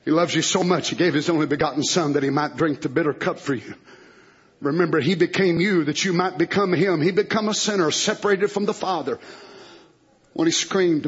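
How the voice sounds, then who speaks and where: A man preaching a fiery sermon, jumping between loud shouting and hushed near-whispers. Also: fairly high pitch, brisk, muffled recording. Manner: swings from shouting to hushed, plays God's voice in quotes.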